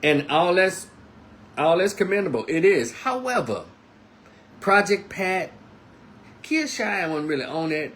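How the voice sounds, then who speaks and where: Animated man telling a story. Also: high-pitched, measured pace, long pauses, slight background noise. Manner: animated storytelling, acts out quotes. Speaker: commentator. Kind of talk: casual monologue.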